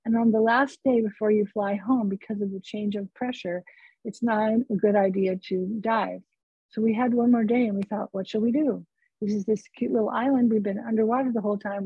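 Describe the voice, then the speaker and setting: Very husky woman on a tinny line. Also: medium pitch, no echo. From California. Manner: earnest, unhurried storytelling. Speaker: psychotherapist guest. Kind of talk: personal storytelling in an interview. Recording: tinny phone-like line, dry.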